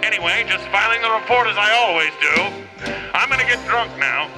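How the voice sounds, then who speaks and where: A man playing a deadpan noir detective. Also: high-pitched, fairly quick, music in the background, lightly acted, low-quality recording. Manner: clipped deadpan noir narration. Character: hard-boiled male detective narrator. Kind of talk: parody noir voice-over.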